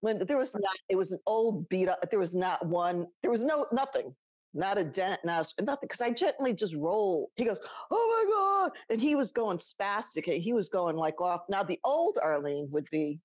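A woman's voice: lowish voice, lively intonation, normal speed, darkish tone, no room sound. A middle-aged woman co-hosting a podcast, telling a personal story in a casual, chatty way and laughing often. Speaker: podcast co-host.

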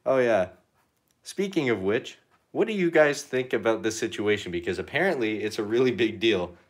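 A man's voice: fairly low pitch, expressive, normal speed. A young man chatting casually on a painting livestream, rambling and joking with lots of fillers. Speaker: art livestreamer.

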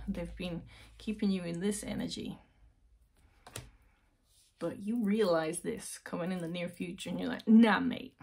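A woman giving a direct-to-camera tarot reading, coaxing the viewer with rhetorical questions and slowing into guided breathing. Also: fairly low pitch, gravelly, a little mellow, breathy edge. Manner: soothing, slows into guided breathing. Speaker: tarot reader.

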